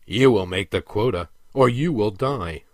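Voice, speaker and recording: A man voicing a cruel, contemptuous overseer who speaks slowly and menacingly, in a dry recording. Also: fairly low pitch, expressive, dry recording. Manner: cold and menacing. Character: cruel, contemptuous male slave-master soldier.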